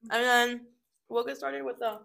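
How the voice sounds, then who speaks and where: A woman's voice: a little high, steady tone, normal speed, gravelly, sharp tone. A young woman co-hosting a casual chat, talking and giggling while she eats snacks. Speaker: co-host.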